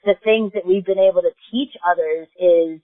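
A woman's voice: fairly low pitch, moderate pace, no room sound. A woman with a New York accent, a guest speaking earnestly and emphatically in a podcast interview. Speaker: guest, advocacy organization co-founder. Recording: tinny phone line.

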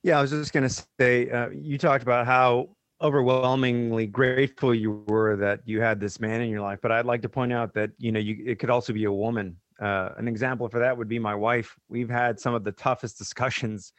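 A man's voice: mid-range voice, level tone, a little fast, few pauses, dry recording. A man in a mid register chimes in casually as a podcast co-host, adding his own point with a few fillers. The sound is dry and close.

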